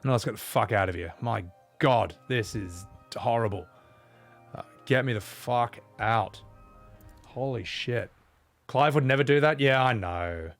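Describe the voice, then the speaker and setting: A man's voice: medium pitch, a little slow, soft background music. A young man giving sarcastic, sweary live commentary while streaming a game and reading chat.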